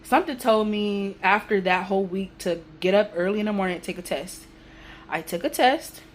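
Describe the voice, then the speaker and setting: A young woman talks straight to her viewers in a casual storytime vlog, her telling animated and emotional, full of everyday slang. Her voice sits at an ordinary middle pitch. A faint hiss of noise runs under the recording. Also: normal speed. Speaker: vlogger.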